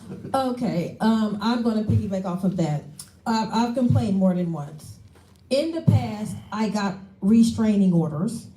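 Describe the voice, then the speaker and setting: A woman's voice: medium pitch, mellow. A woman making an earnest, aggrieved public comment at a city council meeting, repeating her points, in an echoey chamber.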